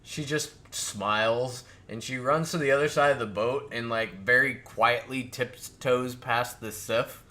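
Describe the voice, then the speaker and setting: A man running a tabletop game as game master, narrating in a relaxed way with many filler sounds. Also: medium pitch, unhurried, few pauses. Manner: relaxed, lots of filler sounds, laughs often.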